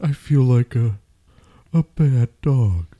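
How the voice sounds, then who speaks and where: An actor playing a drunk, scheming talking dog who mumbles sheepishly in an improvised comedy scene. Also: male voice, medium pitch, animated, takes it slowly, mellow.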